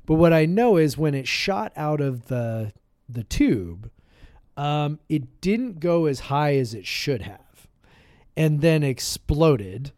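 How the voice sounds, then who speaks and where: A man's voice: a little high, sing-song, slow pace, darkish tone, no room sound, clean studio sound. Chatty man telling a rambling story. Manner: rambling storyteller, lots of "like" and restarts. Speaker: podcast co-host. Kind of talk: casual chat. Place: podcast room, shared with co-host.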